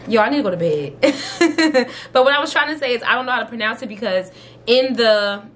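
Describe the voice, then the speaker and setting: A woman's voice: on the high side, lively intonation, a little fast, fairly bright tone, a little hiss or hum. Giggly chatty young woman with a twang. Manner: chatty, giggly, full of fillers like "like" and "um". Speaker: beauty vlogger. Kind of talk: casual vlog chat. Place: at home, indoors.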